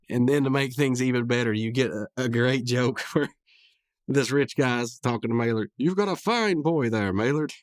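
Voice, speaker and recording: A man's voice: medium pitch, no echo. Guy rambling on a podcast about a cartoon, laughs a lot, dry close mic. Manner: rambling, chuckling often, loose fillers. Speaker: podcast host reviewing a cartoon episode. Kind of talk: casual podcast recap.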